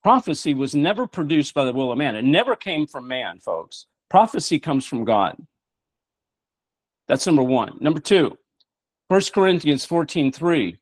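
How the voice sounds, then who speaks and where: A man's voice: on the high side, lively intonation, moderate pace, no room sound. A middle-aged man hosting a show, preaching emphatically with rhetorical questions. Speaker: show host. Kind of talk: preaching talk-show monologue.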